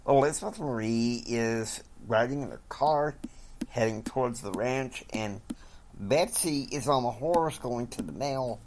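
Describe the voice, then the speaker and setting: A man's voice: mid-range voice, measured pace, darkish tone, slight background noise. A man casually narrating an invented drama, rambling through it scene by scene. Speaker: storyteller.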